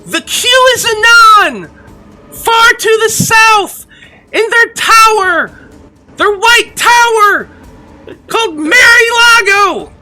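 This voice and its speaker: A man voicing a frightened, shrill hag woman who shouts in panic during a tabletop game. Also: slow, soft background music, full character voice. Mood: shouting.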